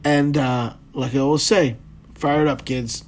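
Male podcast host, casual motivational monologue, meandering and profane, mid-pitched voice. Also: fairly even intonation, a little slow. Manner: rambling, loose and profane, with many fillers. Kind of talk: motivational solo podcast talk.

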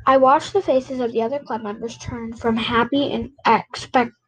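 Woman reading a kids book out loud, stumbles and rereads sometimes, higher-ish voice. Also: steady tone, normal speed, a little hiss or hum, rough recording. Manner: unpolished, with slips and rereads. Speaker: reader. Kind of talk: reading a novel aloud.

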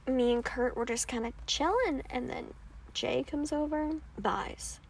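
A young woman hosts a podcast, spinning a story in casual, laid-back chat, swearing freely and quoting people in put-on voices. Her voice is fairly high and creaky, at a normal speed, with slight background noise.

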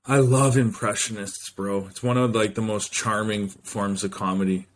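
A man's voice: on the low side, fairly even intonation, normal speed. A man hosting a solo podcast, rambling loosely from one thought to the next and swearing freely. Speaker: podcast host.

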